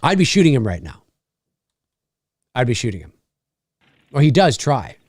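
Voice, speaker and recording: A man hosting a live movie commentary, chatting to viewers as he watches, swearing freely and jumping between high and low. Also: no room sound, studio quality. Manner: animated, swears freely, quick pitch jumps.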